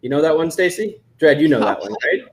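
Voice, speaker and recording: A man's voice: fairly high pitch, animated, fast. A man in a casual group chat, playful and teasing.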